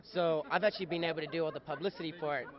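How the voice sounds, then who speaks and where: A young man, an actor being interviewed outdoors at a fan convention, chatting in an animated, playful way. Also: on the high side, very fast. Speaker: actor guest. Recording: dull lo-fi sound.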